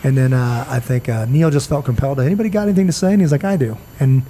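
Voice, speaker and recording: A man's voice: medium pitch, fast, mellow. A middle-aged man hosting a podcast, telling a long story in a rambling, earnest way and acting out what people said. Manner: rambling, earnest, acts out quoted dialogue. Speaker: podcast host. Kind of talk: casual storytelling chat. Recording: faint background noise.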